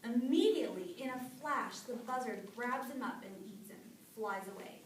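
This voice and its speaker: A woman's voice: a little high, moderate pace, distant mic, a little hiss or hum. A young woman telling a folk tale to a live group in a casual, chatty way. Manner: chatty, animated, with fillers. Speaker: storyteller. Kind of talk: casual oral storytelling to an audience. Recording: echoey room, voice from off-mic.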